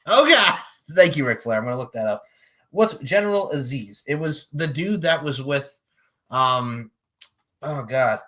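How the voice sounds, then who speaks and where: Bright-voiced New York podcast host. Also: male voice, medium pitch, lively intonation, unhurried. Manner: laid-back, profane, laughs often. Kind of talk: casual podcast chat.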